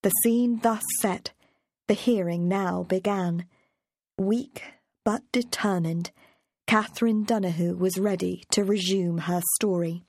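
A woman narrates an audiobook in a measured, steady storytelling voice. Her pitch sits in an ordinary middle range. The recording is dry and close, with no room sound around her. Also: no room sound. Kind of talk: scripted narration.

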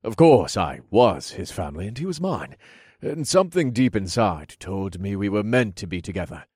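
Deep-voiced male audiobook narrator. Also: very animated, normal speed, breathy edge, no echo, studio quality. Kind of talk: first-person story narration.

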